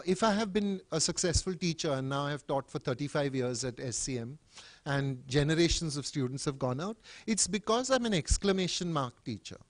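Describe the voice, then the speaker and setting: An older man from Bombay speaks at a public event with a high, expressive voice. He tells stories wryly and emphatically, swinging between loud bursts and soft asides. The sound is close and dry, with no room echo. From Bombay, India. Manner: expressive, wry and emphatic, with sudden swings in loudness and pitch. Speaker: teacher and writer speaking at a book event. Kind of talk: public talk with anecdotes.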